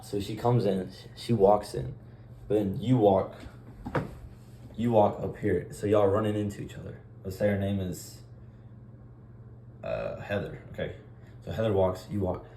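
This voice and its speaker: Young male vlogger, deep voice, rambling deadpan delivery with acted-out dialogue, faint room hum behind. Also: unhurried, vocal fry, long pauses. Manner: acts out short dialogue exchanges. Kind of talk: casual vlog monologue.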